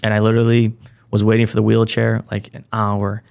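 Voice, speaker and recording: A man with a low, gravelly voice tells a personal story in a relaxed, conversational way. He is a podcast guest and keeps slipping into the voices of the people he quotes, which keeps the telling lively. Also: a little fast. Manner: animated, acts out quoted people. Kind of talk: casual storytelling.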